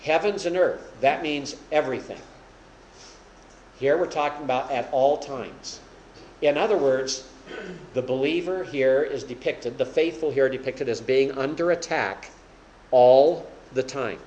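A man's voice: medium pitch, a little slow, a little mellow, echoey room, dull audio, a little hiss or hum. A man preaching an expository Bible lesson to a small group, explaining each point plainly and raising his voice for emphasis when he quotes scripture. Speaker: preacher teaching a Bible study.

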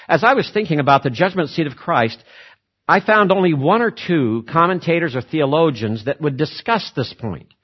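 A man preaching with an emphatic, repetitive style, leaning hard on key words and racing through others. His voice is slightly high and husky, with lively swings in pitch. The recording sounds dull and lo-fi. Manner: emphatic, repeats words for stress, shifts between slow and rapid delivery. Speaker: pastor. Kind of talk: sermon.

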